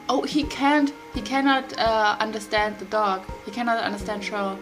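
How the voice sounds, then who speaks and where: A woman's voice: on the high side, fairly even intonation, normal speed, hardly any pauses, poor audio. A woman streaming a video game, chatting casually and reading its dialogue aloud in an amused way. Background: game music.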